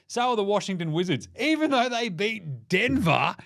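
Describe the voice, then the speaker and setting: An Australian man giving a comedic basketball ranking rant, mocking and full of quick jokey asides. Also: sits high, very animated, creaky, a bit bright. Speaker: basketball commentator.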